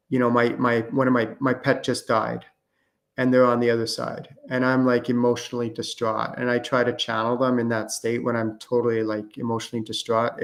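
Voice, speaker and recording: A man hosting a live-streamed question-and-answer show, talking casually with lots of fillers and false starts. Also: mid-range voice. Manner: casual, rambling with many fillers and restarts. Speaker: host and spiritual channeling teacher.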